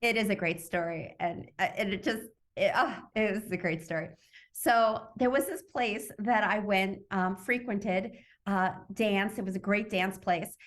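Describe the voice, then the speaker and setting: Woman guest, animated storyteller who acts out her own thoughts, video-call interview. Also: mid-range voice, measured pace. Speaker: summit guest, author.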